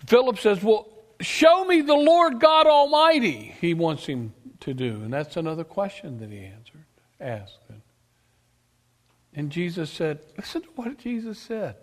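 A male preacher delivering an emphatic sermon, asking his congregation questions and swinging between loud declarations and quiet asides. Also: sits high, sing-song, measured pace. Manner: emphatic, rises and drops sharply, asks the congregation questions. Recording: long reverb of a church hall.

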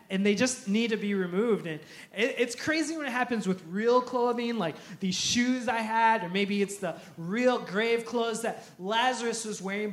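A male pastor preaching a sermon, telling a story in an animated way and acting out quotes with laughter. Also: extremely high pitch, echoey room.

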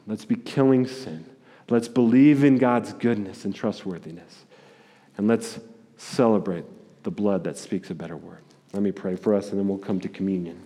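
A man preaching a sermon, passionate and emphatic, with restarts and stumbles, then closing softly in prayer. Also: on the low side, normal speed, big-room sound. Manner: impassioned, rising to near-shouting at peaks, slipping to hushed prayer. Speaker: pastor.

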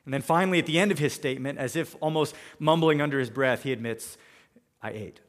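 A man's voice: fairly high pitch, quick pace, long reverb tail. A man preaching a sermon, walking through scripture verse by verse and voicing the characters in his own paraphrases. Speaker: pastor.

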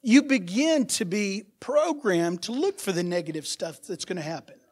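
This pastor's sermon comes in a high-pitched voice with lively intonation, a moderate pace, and a breathy edge. He puts rhetorical questions to the congregation and alternates soft asides with loud, emphatic bursts.

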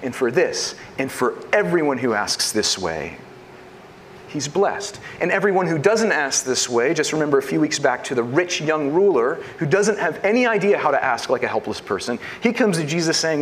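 A man preaching a sermon, asking rhetorical questions and swinging between loud emphasis and hushed lines. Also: fairly high pitch, big pitch swings, normal speed, a little hiss or hum. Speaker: pastor.

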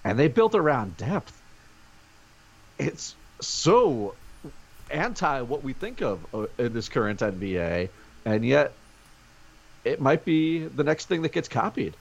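A man's voice: medium pitch, big pitch swings, slow pace, vocal fry, pauses often, highs cut off. A man co-hosting a sports podcast from home over a video call, talking energetically in casual chat. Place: home during a snow day.

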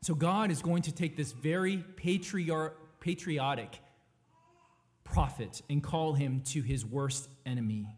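Emphatic preacher with a high voice. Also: male voice, unhurried, darkish tone. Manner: emphatic, dynamic, rhetorical questions. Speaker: pastor. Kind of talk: sermon.

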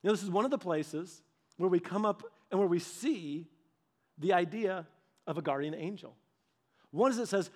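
At a moderate pace, a high-pitched pastor preaches in a relaxed, conversational way with fillers, animatedly performing short dialogues.

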